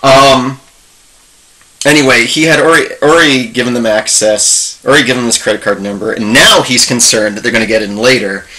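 A man's voice: medium pitch, normal speed, pushed and bright. A middle-aged man hosting a casual tech video, talking in a rambling, chatty way with frequent restarts and ums. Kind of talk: casual screen-share talk.

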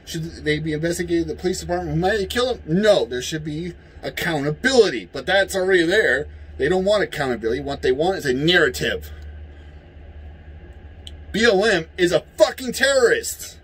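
Angry vlogger, male, high husky voice, swears freely and yells. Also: lively intonation, brisk, rough recording. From United States. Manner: heated, profane, yelling at times. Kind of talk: angry political rant.

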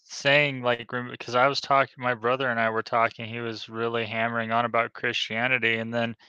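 A man's voice: mid-range voice, level tone, brisk, pushed and bright, clear, resonant tone, dry recording, dull audio. A man telling a casual story in a hesitant way, as a guest in a conversation. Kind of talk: casual chat.

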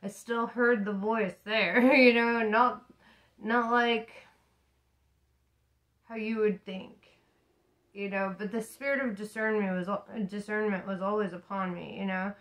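A woman's voice: medium pitch, steady tone, a little slow, long pauses, a bit bright, rough recording. A woman tarot reader talking casually to camera about spirituality, laughing often, swearing and speaking emphatically.

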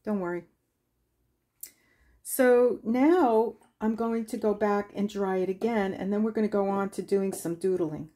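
A woman's voice: medium pitch, fairly even intonation, measured pace, dark tone. A woman hosting a watercolor craft tutorial, chatting casually and laughing as she tells stories while she paints. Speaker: craft channel host.

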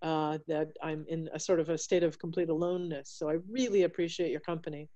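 A woman's voice: sits low, steady tone, a little fast, warm tone, lo-fi sound. A woman author chatting effusively with guests over a video call from her home. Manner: effusive, gushing over pets. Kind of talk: casual chat on a video call. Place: at home, alone.

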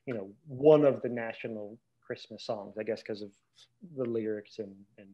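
A man's voice: on the low side, moderate pace, lo-fi sound. A man co-hosting a podcast, chatting casually and hesitantly, often repeating words as he searches for the next one. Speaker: podcast co-host. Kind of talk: casual chat.

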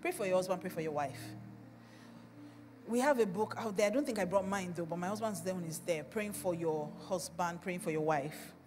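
A woman pastor with a Nigerian accent, preaching a sermon and telling stories in an animated way, laughing along. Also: lowish voice, a little fast, long reverb tail, soft background music. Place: church.

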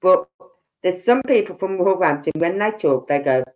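A woman's voice: lowish voice, expressive, moderate pace. Chatty Brummie woman telling stories. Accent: Birmingham. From Birmingham, England. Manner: chatty storyteller who acts out quoted voices. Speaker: livestream host. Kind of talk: casual chat to a live audience. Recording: dull lo-fi stream audio.

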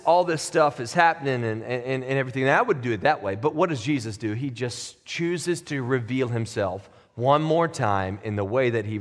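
A man's voice: mid-range voice, big-room sound. A man preaching a sermon as pastor, in a conversational, plain-spoken way that builds to emphatic peaks. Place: church sanctuary.

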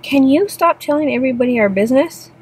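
A woman's voice: sits high, animated, quick pace, background noise. A woman beauty vlogger talking casually to camera in a rambling way, with lots of "like" fillers. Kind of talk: casual vlog chat to camera.

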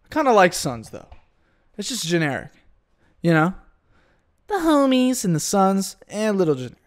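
A young man talks alone into his podcast mic with a somewhat high voice. He swears constantly and rambles, losing his train of thought and starting over. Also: very animated, moderate pace. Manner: profane, rambling, self-interrupting. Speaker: podcast host. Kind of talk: solo podcast rant.

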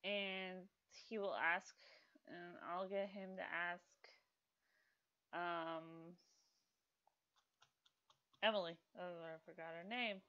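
A woman in her middle range talks unhurriedly through her gameplay, filling gaps with ums and stopping to scold her characters out loud. The recording is dull and lo-fi, like a basic home mic. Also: mid-range voice, clean tone. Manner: rambling with many fillers, scolds game characters aloud. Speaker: gaming video host. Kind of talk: casual gameplay commentary.

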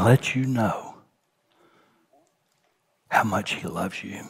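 A man preaching a sermon as senior pastor, dropping to a hushed near-whisper on tender points and rising in pitch as he tells a story. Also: slow, creaky, pauses often, breathy edge.

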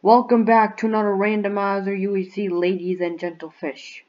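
A young woman giving bubbly, excitable commentary on a video game and cheering at her finds. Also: mid-range voice, moderate pace, lo-fi sound. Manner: bubbly, excitable, squeals and shouts in surprise. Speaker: gaming YouTuber.

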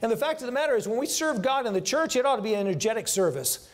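A middle-aged man preaching a sermon in a church, emphatic and animated, repeating his key phrases. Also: extremely high pitch, very fast. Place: church sanctuary.

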